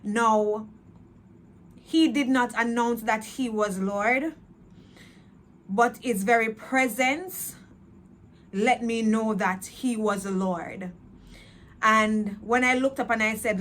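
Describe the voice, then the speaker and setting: A woman's voice: a little high, slow pace, long pauses, a bit bright, a little hiss or hum. A woman telling her personal faith testimony, earnest and repetitive, slipping into patois. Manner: earnest, repetitive, emotional retelling. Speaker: testimony speaker.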